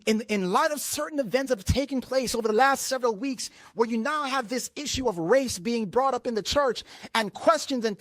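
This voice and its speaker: Passionate pastor, animated pitch, stumbling restarts, dry close-miked sermon delivery. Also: dry recording. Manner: impassioned, repeats words and restarts lines; acts out others' words in quoted voices.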